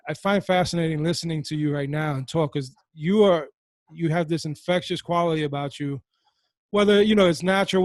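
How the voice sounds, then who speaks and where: A man's voice: fairly high pitch, darkish tone, dry recording. A man hosting a podcast, asking long, rambling questions full of restarts. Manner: rambling, many fillers and restarts. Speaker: podcast host. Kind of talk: interview questions.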